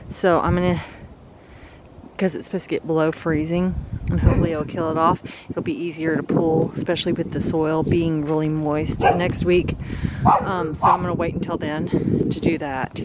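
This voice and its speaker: A woman vlogging casually while working in her backyard garden, chatting and thinking aloud. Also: lowish voice. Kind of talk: casual yard-work vlog. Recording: loud outdoor noise.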